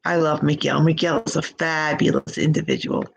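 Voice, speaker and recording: A woman giving live psychic tarot readings from home, gushing and affectionate with drawn-out words, speaking into a computer mic. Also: low-pitched, very animated, vocal fry, slightly rough, lo-fi sound. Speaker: psychic reader.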